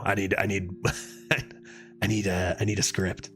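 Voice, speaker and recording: A man streaming a card game, thinking aloud in casual commentary and getting excited over close plays. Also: a little slow, long pauses, soft background music. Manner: excitable, thinks aloud, sometimes drops to a low put-on voice.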